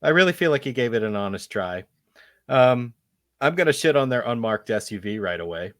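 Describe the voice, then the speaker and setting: A man's voice: mid-range voice, sing-song, brisk, no echo, studio quality. A man hosting a casual movie review podcast, rambling with many ums and casual swearing. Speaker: podcast host.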